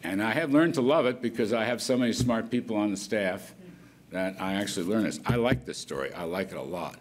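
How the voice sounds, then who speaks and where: A man's voice: fairly low pitch, expressive, brisk, slight background noise. Older man rambling through a folksy policy speech. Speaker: government economic official. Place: conference hall at an event.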